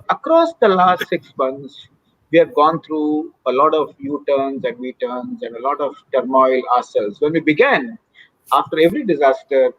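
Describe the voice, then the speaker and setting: A man's voice: a little high, dry recording, dull audio. A man with an Indian accent, an expert guest explaining things earnestly and at length, slipping Hindi phrases into his English. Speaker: mental health expert guest. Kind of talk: explanatory expert talk in a live Q&A.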